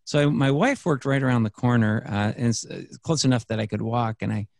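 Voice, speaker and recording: A man's voice: mid-range voice, fairly quick, gravelly, darkish tone, no room sound, clean studio sound. A man, a podcast guest, telling a personal story in a rambling, earnest way, full of fillers and restarts. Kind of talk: casual storytelling conversation.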